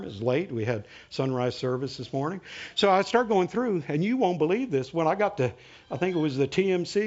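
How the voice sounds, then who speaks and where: A man preaching a sermon as a story, animated, slowing right down for dramatic retelling. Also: a little high. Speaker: pastor. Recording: dull lo-fi recording.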